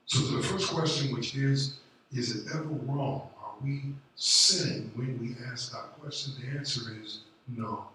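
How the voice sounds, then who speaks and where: Male pastor, slow deliberate sermon, booming church echo, heard from off-mic. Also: bright, forceful tone, slight background noise. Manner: slow deliberate preaching, rising in intensity and volume. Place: church sanctuary. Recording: very echoey room, voice from a distance.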